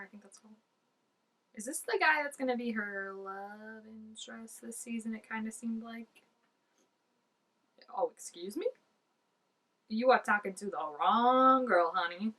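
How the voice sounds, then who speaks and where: Woman chatting excitedly through a reaction vid, lots of "like", sits back from the mic. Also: fairly high pitch, recorded from a distance, rough recording. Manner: chatty and excitable, peppered with "like", drops to soft asides. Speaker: reaction video host. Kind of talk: casual reaction commentary.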